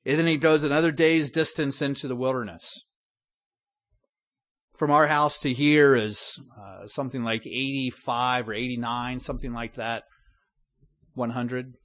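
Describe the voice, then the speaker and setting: A man's voice: mid-range voice, normal speed, a bit bright. A middle-aged man preaching a sermon in a conversational way, with asides and restarts.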